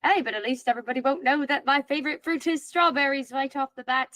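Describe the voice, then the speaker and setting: A woman's voice: sits high, fast talker, pushed and bright, no room sound. A woman player chatting playfully and a little dramatically at a tabletop game. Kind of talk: casual chat at a tabletop game.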